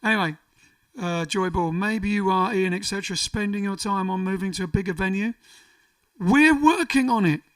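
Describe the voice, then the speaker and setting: A man's voice: sits high, level tone, brisk, fairly bright tone, smooth, recorded from a distance. A man hosting a casual livestream, reading out viewer comments in a jokey, rambling way. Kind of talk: casual chat. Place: home during lockdown.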